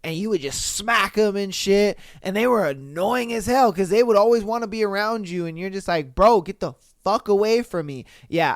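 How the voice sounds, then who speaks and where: Young male podcast host, higher-pitched, clear, dry sound; laughs and swears constantly while reading posts. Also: dry recording. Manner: profane, laughs often, reacts loudly. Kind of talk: casual commentary reading listener posts.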